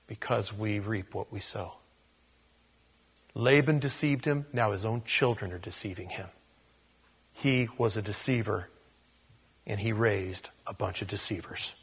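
Speaking at a measured pace and pausing often, a pastor with a fairly low, breathy voice works through scripture in an easygoing teaching manner. He adds chatty side comments, acting out brief quotes and chuckling at them.

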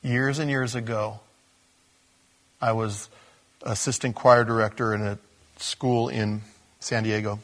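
A man preaching a sermon, telling a story that jumps between hushed asides and loud, emphatic high points. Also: flat delivery, takes it slowly, pauses often. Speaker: pastor.

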